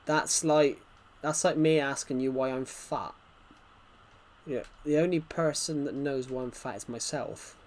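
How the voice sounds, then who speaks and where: A man's voice: mid-range voice, unhurried, a little mellow, slight background noise. A man streaming gameplay live, rambling chattily and answering chat messages, his nose bothered by hay fever.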